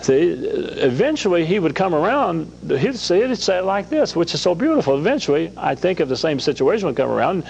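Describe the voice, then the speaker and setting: A guest preacher from Louisiana, a man, teaches scripture with a gravelly voice and a very lively rise and fall in pitch. He acts out the lines of the figures in the stories he tells. The broadcast sound is a bit dull and lo-fi, with faint background noise. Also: brisk, few pauses. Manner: animated, acts out scripture dialogue. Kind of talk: sermon-like Bible teaching.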